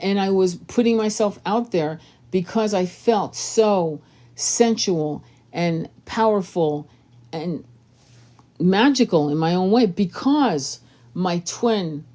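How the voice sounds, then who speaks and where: This woman speaks in a low, warm register. She gives relationship advice as a tarot reader in a casual monologue, blunt and full of swearing, with plenty of emphasis.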